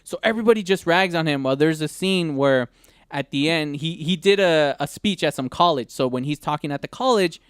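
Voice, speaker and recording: Give me a young man co-hosting internet radio, rambling and animated, with a smooth, slightly high voice. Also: fairly quick, no echo, clean studio sound. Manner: rambling, animated storytelling with many restarts. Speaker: radio show co-host. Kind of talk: casual chat.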